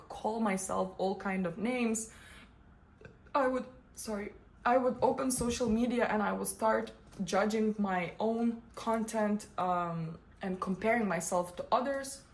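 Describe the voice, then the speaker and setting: A young woman vlogger and coach with a mid-range voice speaks to the camera in a casual, expressive, personal way, frequently breaking into laughter.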